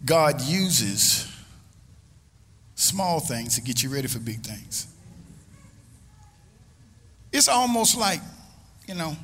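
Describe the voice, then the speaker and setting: Male preacher, lively swooping delivery, shouts and low asides, teasing the congregation, in a long-reverb sanctuary. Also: takes it slowly, pauses often, slightly rough. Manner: humorous, call-and-response with the congregation. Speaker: pastor. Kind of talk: preaching a sermon. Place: church sanctuary. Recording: reverberant hall with congregation and noise.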